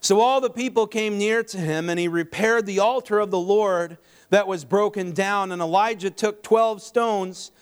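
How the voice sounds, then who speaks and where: A man preaching a sermon, animated, with mocking humorous asides. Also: high-pitched, normal speed, hardly any pauses, clean tone. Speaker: pastor.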